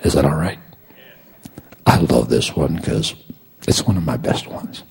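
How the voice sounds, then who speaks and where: A man preaching a sermon as pastor, rising to loud proclamations and dropping to hushed, intimate asides. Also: extremely low pitch, animated, unhurried, creaky, breathy edge.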